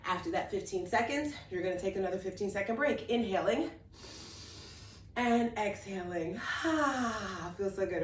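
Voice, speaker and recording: On an exercise mat at home, a medium-pitched woman fitness instructor guides viewers through a workout while demonstrating the moves. Upbeat, encouraging and slightly winded, she's picked up by a camera mic at a distance in an echoey room with slight background noise.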